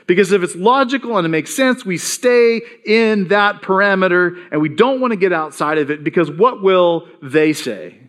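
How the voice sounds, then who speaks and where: A man delivers a sermon in a lively, conversational style. His voice sits high for a man. He reads passages aloud and briefly acts out the speakers in them. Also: normal speed. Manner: conversational preaching, quoting scripture with acted voices. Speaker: pastor.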